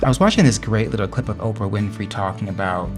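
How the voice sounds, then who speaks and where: A man's voice: on the low side, fast, over music. A man earnestly talking through personal affirmations in a motivational vlog, encouraging and emphatic. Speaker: vlogger sharing affirmations. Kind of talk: motivational talk to camera.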